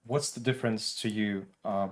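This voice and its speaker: A man with a rather low voice hosts a relaxed interview in English. He phrases his questions in halting pieces and keeps the tone reassuring. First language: Russian. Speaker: host. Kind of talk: casual interview.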